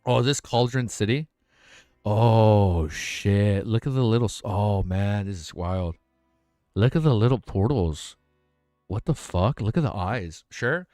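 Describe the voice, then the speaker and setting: A young man hosting a late-night livestream, reacting to artwork in a casual, excitable way with plenty of swearing, his voice tired and worn out. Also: on the low side, a little slow, dry recording, studio quality, soft background music. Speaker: livestream host.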